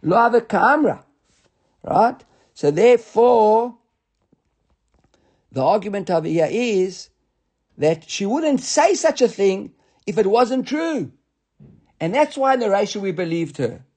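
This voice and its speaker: Male Talmud teacher, higher husky voice, halting explanatory delivery with frequent repetitions. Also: sing-song, a little mellow. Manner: halting, repeats words, reads Aramaic aloud then explains. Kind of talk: Talmud study class.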